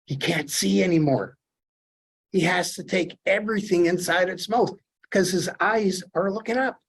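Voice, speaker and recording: A middle-aged man from Canada telling lively fishing stories while demonstrating fly tying to a club audience. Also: high-pitched, moderate pace, creaky, slightly rough. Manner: animated storyteller, acts out his own excitement. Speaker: fly tier, presenter.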